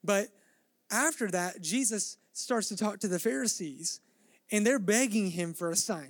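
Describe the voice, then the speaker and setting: A man's voice: sits high, animated, unhurried, dry recording, clean studio sound. A male pastor preaching a midweek sermon, earnest and building in intensity, acting out the dialogue of scripture scenes.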